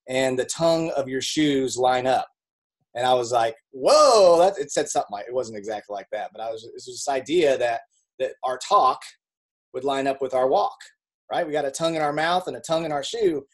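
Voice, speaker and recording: Upbeat man leading a group call. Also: mid-range voice. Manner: upbeat, encouraging, frequent restarts. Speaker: team leader hosting a group call. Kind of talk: casual motivational chat.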